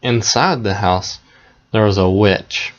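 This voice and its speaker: Slow-telling male storyteller. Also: on the low side, highs cut off. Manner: plain, conversational, unhurried storytelling with asides. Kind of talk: casual fairy-tale retelling.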